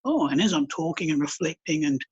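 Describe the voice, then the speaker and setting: A counsellor speaks with a calm, earnest manner. His voice sits fairly high for a man, gravelly and husky. The recording is dull and lo-fi. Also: moderate pace. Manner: calm, earnest storytelling with blunt colloquial words. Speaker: counsellor and healer guest. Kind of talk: conversational podcast interview. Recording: dull lo-fi podcast audio.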